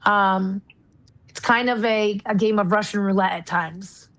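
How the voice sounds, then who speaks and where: An American woman guest talks in an earnest, measured way. Her voice sits at an ordinary middle pitch, and she speaks candidly about her work as a retired marshal turned investigator. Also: fairly even intonation, fairly bright tone, poor audio. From United States. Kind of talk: casual interview talk.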